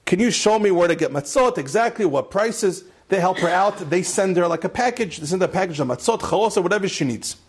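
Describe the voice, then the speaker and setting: Man, rabbi, high voice, Torah lecture, repeats lines, sprinkles in Hebrew terms. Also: fast talker, few pauses, husky. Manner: animated storyteller, repeats phrases, rises to impassioned climax; mixes Hebrew and Yiddish terms into English. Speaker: rabbi giving a Torah class.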